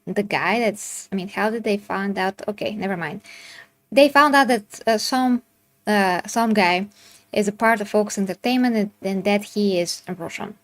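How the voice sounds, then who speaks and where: A woman's voice: medium pitch, no room sound. A woman with a Bulgarian accent, hosting a casual commentary stream and chatting through viewer comments with fillers and restarts. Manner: chatty, with filler words and restarts, laughing asides. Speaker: channel host.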